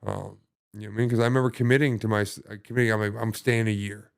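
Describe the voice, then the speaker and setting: Low-voiced man, blunt and profane. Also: fairly even intonation, gravelly, clean tone, dry recording, studio quality. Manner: halting, profane, many restarts and fillers. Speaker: podcast guest. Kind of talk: casual conversation.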